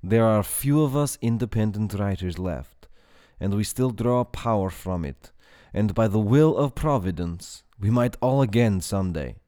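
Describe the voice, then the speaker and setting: A man's voice: fairly low pitch, lively intonation, unhurried, dark tone. A man voicing a weary, resolute writer who speaks in formal, old-fashioned phrases. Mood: grave.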